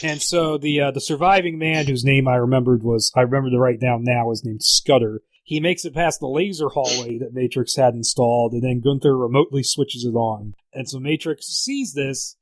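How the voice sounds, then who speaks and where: A man's voice: mid-range voice, normal speed, few pauses, no room sound, poor audio. A man co-hosting a podcast, casually retelling a script in a chatty way and laughing often. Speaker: podcast co-host.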